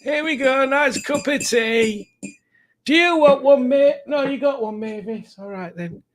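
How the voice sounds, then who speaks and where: A man doing a quirky old northern man fussing over his tea. The voice sits far higher than ordinary speech, chirpy and homely, with a cosy sing-song lilt. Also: unhurried, fairly bright tone, a little hiss or hum.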